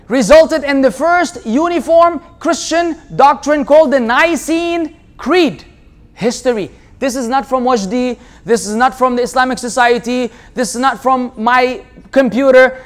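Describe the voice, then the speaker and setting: A man giving a religious lecture, animated and rhetorical, often mimicking the voices of people he argues against. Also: extremely high pitch. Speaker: Islamic lecturer. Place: lecture hall.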